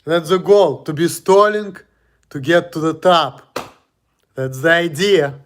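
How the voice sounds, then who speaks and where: Man, casual home vlog; blunt, defiant rant, swears freely, laughs at himself, voice a touch high. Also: slow pace.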